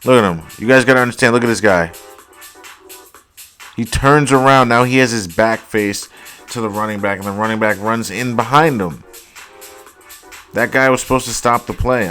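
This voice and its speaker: A young man hosting a casual football highlights reaction, exasperated and profane, saying "like" constantly. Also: fairly bright tone. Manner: exasperated, profane, heavy use of "like". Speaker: host.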